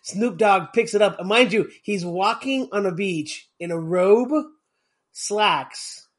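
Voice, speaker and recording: A man's voice: high-pitched, takes it slowly. A man co-hosting a casual movie podcast, joking and rambling as he talks. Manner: joking, rambling, laughs often. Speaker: podcast co-host. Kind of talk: casual chat.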